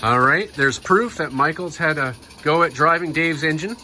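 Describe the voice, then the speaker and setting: A man's voice: fairly high pitch, normal speed, sharp tone. A man casually narrating his hobby garden railway, chatty and a little sentimental. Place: outdoors in a garden. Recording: outdoor background noise.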